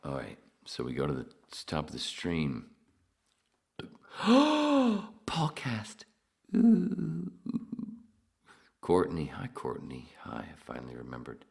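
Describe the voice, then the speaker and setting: A man's voice: very deep voice, normal speed, vocal fry, few pauses. A man hosting his own podcast, telling stories in a rambling, profane, casual way on a live stream. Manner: profane, rambling, self-interrupting. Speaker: podcast host.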